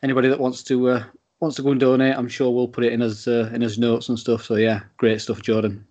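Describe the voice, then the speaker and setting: A man's voice: medium pitch, monotone, quick pace, a little mellow, dull audio. A British man co-hosting a casual podcast, friendly and rambling, with many fillers. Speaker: podcast co-host.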